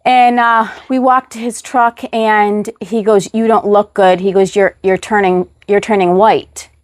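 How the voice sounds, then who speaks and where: A woman telling a personal story as a guest, animated, acting out the voices of the people in it. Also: medium pitch, a little slow, no echo, studio quality. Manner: animated retelling, acts out quoted voices.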